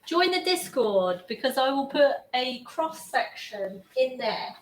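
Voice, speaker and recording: A woman with a high, slightly slow voice streams herself baking in her home kitchen, chatty, sweary and excitable as she talks to chat. The kitchen sounds echoey, with faint ambience and slight background noise.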